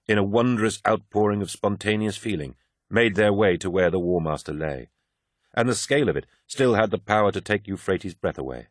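A man narrating a science-fiction audiobook in a steady, measured way. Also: deep voice, no echo, studio quality. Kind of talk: scripted narration.

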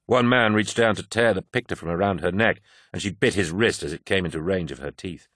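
A man narrating a science-fiction audiobook in a steady, measured way. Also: low voice, no room sound, studio quality. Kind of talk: scripted narration.

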